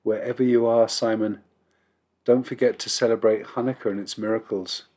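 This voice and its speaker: A man's voice: on the low side, steady tone, moderate pace, darkish tone, lightly acted. A man voicing a loving mother sending her son away, tender and holding back tears.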